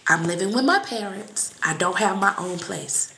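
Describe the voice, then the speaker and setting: A woman reading and chatting on a live stream, blunt and profane, with sudden shouts and laughs. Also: mid-range voice, expressive, moderate pace, creaky, roomy sound. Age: adult with children. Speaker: psychic reader on a live stream. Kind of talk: casual live-stream talk.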